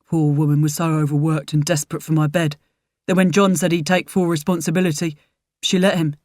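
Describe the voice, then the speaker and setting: A woman's voice: low voice, level tone, a little fast, darkish tone, dry recording, clean studio sound, close to an everyday voice. A woman voicing a frail, stubborn, mischievous elderly man in a storybook reading. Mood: wry. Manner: blunt, mischievous.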